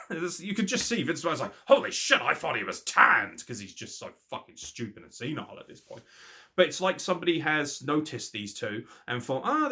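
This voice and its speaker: A man gives an opinionated, casual wrestling review in a mid-range voice. He is blunt and quick to swear, and his pitch leaps upward whenever he gets indignant. Laughter keeps slipping into his talk. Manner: animated, with big swings in pitch. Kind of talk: casual commentary.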